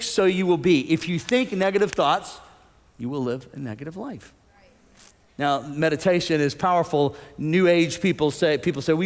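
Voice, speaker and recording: A man preaching a sermon as pastor, animated, acting out the voices he quotes. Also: a little high. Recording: long hall reverb.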